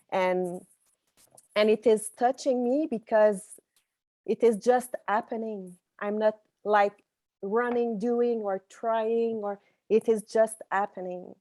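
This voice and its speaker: A woman's voice: mid-range voice, a little mellow. A woman with a French accent sharing on a video call, hesitant and repeating words as she searches for them. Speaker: participant.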